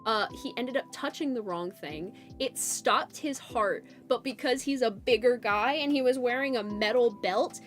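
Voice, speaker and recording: Animated young woman streamer, higher voice. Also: moderate pace, few pauses. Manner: animated, laughing, swings between loud bursts and mumbled asides. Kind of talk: casual storytelling to chat. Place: home streaming setup. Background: faint background music.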